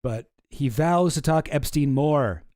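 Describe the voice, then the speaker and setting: A man's voice: on the high side, measured pace, mellow, no echo, clean studio sound. A man hosting a stream, reacting to clips with rambling, profane, sarcastic chat. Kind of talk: casual chat.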